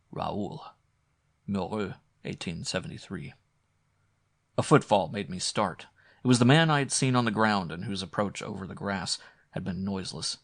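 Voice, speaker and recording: A man reading a horror audiobook aloud in a measured, brooding manner. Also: sits low, creaky, a bit bright, no room sound, studio quality. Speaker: audiobook narrator. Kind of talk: scripted horror narration.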